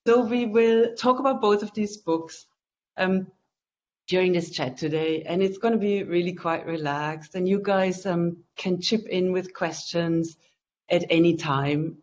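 An author hosting a relaxed online book event, talking loosely with lots of fillers. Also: medium pitch, measured pace, slight background noise. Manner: chatty, loose, with frequent fillers. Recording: dull lo-fi call audio.

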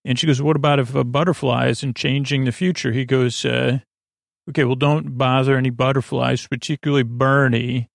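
A man with a gravelly, creaky voice, recorded close and dry, retells a story in a meandering way. He stumbles over words, restarts his sentences and paraphrases the characters' lines casually. The pitch sits in an ordinary middle range for a man. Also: little pitch movement, no echo. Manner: halting, many fillers and restarts, quotes characters loosely. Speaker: podcast host retelling an episode.

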